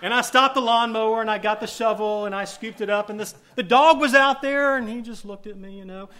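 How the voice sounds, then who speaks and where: Bright, high-voiced preaching man. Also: a little fast. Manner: animated storytelling, swinging between loud emphasis and hushed asides. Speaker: pastor. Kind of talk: sermon.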